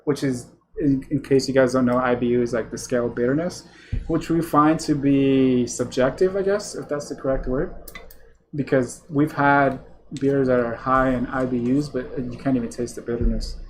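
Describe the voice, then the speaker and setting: A man's voice: mid-range voice, steady tone, normal speed, a little hiss or hum. A young man co-hosting a beer podcast, casually reading out beer style notes with fillers and restarts. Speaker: podcast co-host.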